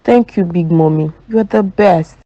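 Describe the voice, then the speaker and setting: A woman's voice: on the low side, measured pace, lo-fi sound, close to an everyday voice. A woman voicing an upset young girlfriend in a cartoon, sounding plaintive and hurt.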